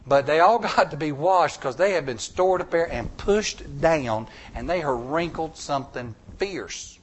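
Preacher, male, high voice, emphatic sermon delivery with folksy humor. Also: animated, measured pace, husky. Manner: emphatic, repetitive, with folksy jokes. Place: church.

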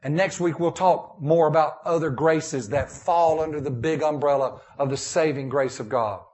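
A man preaching a sermon as pastor, moving between emphatic and hushed tones. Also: on the high side, moderate pace. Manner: preaching with rising and falling intensity, dropping to a hushed prayer.

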